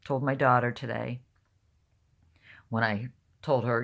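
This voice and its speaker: Gravelly-voiced older woman, blunt. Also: rumbling low, fairly even intonation, unhurried. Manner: blunt, rambling, openly emotional. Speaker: vlogger. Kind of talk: casual talk to camera.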